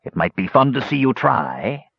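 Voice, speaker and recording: A man's voice: medium pitch, very animated, normal speed, creaky, slightly rough, no echo, dull audio, exaggerated voice. A man voicing a capricious, mad old gnome king who mocks and threatens in an idle, sing-song way. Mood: mocking.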